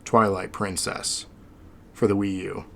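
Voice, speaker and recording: Male podcast host, low voice, casual and rambling, sentimental streak. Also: little pitch movement, a little slow, creaky, slight background noise. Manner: rambling, sentimental, frequent fillers.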